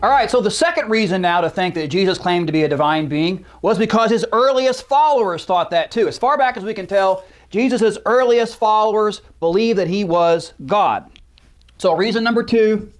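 A man teaching a lecture on early Christian belief, explaining points step by step and stressing key words while citing verses. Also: sits high. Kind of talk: apologetics lecture.

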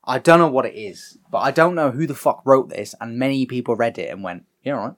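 A man's voice: medium pitch, a little fast. A man in casual, sweary film-recap chat, acting out the characters' lines as he goes.

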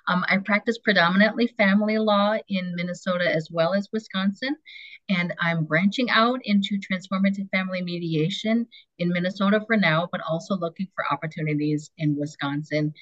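A woman who is a family law attorney, introducing herself on a panel. Her phrases trail off and get quieter at the end. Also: lowish voice, normal speed, dry recording, dull audio. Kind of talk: self-introduction.

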